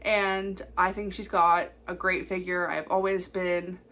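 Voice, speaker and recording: Chatty young woman vlogging, rambling fast. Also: on the low side, little pitch movement, a bit bright. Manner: chatty, rambling, fast-talking with many fillers. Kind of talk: casual confessional vlog.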